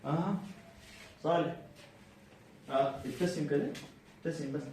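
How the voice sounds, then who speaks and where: A man leads a bedside medical teaching session, animated and quizzing his students as he goes. His voice sits a little high for a man. He is heard from a distance in an echoey room with a faint hum behind. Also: rapid-fire. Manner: animated, drilling students with repeated questions. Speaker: medical exam tutor.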